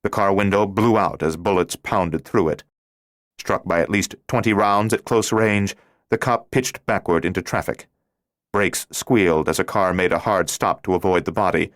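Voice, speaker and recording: A man narrating a thriller audiobook in a steady, measured reading voice. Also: sits low, no room sound, clean studio sound. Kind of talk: scripted narration.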